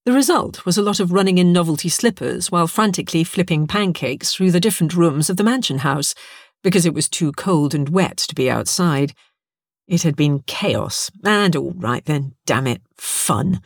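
A woman narrating an audiobook in an expressive, storytelling way. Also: lowish voice, normal speed, no echo, clean studio sound. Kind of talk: scripted narration.

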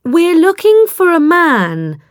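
A woman voicing an eager young female companion, pleading and excitable, in a raised voice. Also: high-pitched, slow, dry recording, studio quality, pitched above the performer's own voice, heavily acted.

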